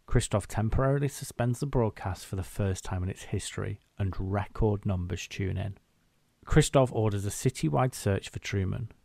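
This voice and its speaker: A man's voice: on the low side, vocal fry, warm tone, dry recording. A man co-hosting a podcast, recapping a film's plot in casual chat and acting out scenes in quoted voices. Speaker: podcast co-host.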